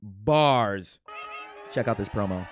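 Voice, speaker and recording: A man's voice: fairly low pitch, animated, slow pace, faint music behind. A man in his thirties from Milwaukee, casually reacting to his old video in a playful, boastful, rambling way. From Milwaukee, USA. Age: 30s.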